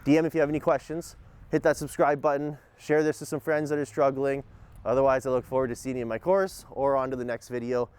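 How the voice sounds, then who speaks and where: This medium-pitched man talks quickly in a clear, resonant tone while casually instructing dog training outdoors. Walking with his dog, he alternates between upbeat and calm and gives short commands.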